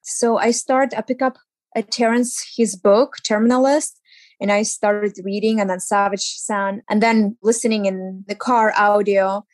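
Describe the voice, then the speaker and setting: A young actress, a woman, chatting as an interview guest and telling lively stories. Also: mid-range voice, measured pace, dry recording. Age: young adult. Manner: animated storyteller who acts out quotes. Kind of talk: casual interview chat.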